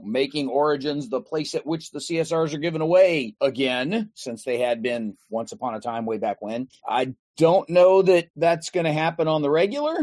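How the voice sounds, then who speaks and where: A man hosting a podcast in a relaxed, rambling way, with fillers and restarts. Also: fairly high pitch, no room sound. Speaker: podcast host. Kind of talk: casual podcast chat.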